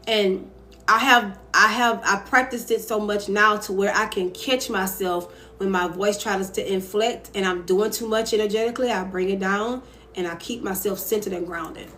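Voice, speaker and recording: A woman's voice: mid-range voice, steady tone, normal speed, sharp tone, slight background noise. A young adult woman hosting a casual live stream from home, talking emphatically and candidly into her phone while she reads viewer comments aloud. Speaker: live-stream host giving advice.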